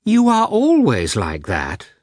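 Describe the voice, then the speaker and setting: A man's voice: medium pitch, wildly swooping pitch, slow, a little mellow, no room sound, studio quality, voice pushed up, exaggerated voice. A man voicing a defiant aristocratic young woman with a mocking, lightly surprised manner. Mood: petulant.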